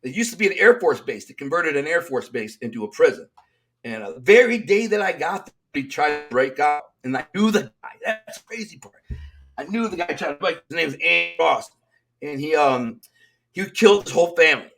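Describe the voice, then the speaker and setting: A middle-aged man with a Detroit accent, a guest in an interview, telling stories in a streetwise, animated way and acting out the lines of people he quotes. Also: fairly high pitch, fairly quick, vocal fry. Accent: Detroit, Michigan. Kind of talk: storytelling in casual interview.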